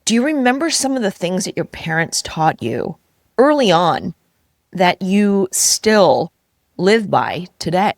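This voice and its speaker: A woman hosting a podcast, asking quick, upbeat questions of her guest. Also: lowish voice, big pitch swings, vocal fry, dry recording, clean studio sound. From New York. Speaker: podcast host. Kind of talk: casual interview.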